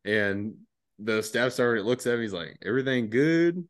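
Young man, lowish voice, laid-back profane storyteller on a podcast. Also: fairly even intonation, moderate pace, fairly bright tone, dry recording. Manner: laid-back, laughing often, heavy swearing. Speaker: podcast guest, former enlisted soldier.

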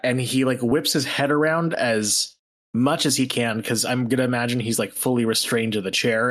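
A man's voice: medium pitch, fairly bright tone. A man playing a tabletop role-playing game, thinking aloud in a loose way with many fillers. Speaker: player.

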